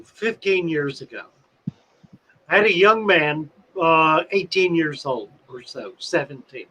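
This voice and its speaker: Slow, bright-voiced male storyteller. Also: high-pitched, rough recording. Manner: drawn-out, dramatic storytelling. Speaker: pet shop owner and livestream host. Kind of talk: storytelling on a livestream.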